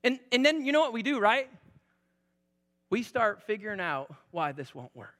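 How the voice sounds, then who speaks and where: A high-voiced, bright man in his forties preaches in a conversational, animated way, building to loud emphatic peaks. His voice rings out in a large church hall with a long reverb. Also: normal speed. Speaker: pastor. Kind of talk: sermon. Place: church sanctuary.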